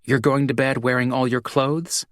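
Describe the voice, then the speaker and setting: A man reading an audiobook, voicing a kind, dry-witted pregnant young woman in a soft, teasing way. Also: medium pitch, little pitch movement, normal speed, no echo, pitched above the performer's own voice, natural voice. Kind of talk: audiobook character voice.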